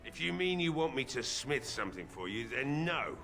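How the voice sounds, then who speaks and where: A man voicing a gruff, bitter old village blacksmith who is drunk, with a weary drinker's drawl, in a video game. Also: mid-range voice, big pitch swings, normal speed, over music. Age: older.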